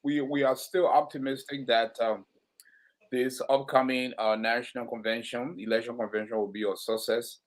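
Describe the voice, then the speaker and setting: A man's voice: mid-range voice, little pitch movement, moderate pace. A man hosting a community talk show, speaking with many fillers, restarts and repeated words. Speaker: host.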